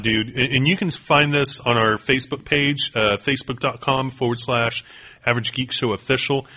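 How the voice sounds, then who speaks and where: A man co-hosting a podcast in casual chat, an excitable storyteller who piles up fillers and restarts. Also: mid-range voice. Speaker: podcast co-host.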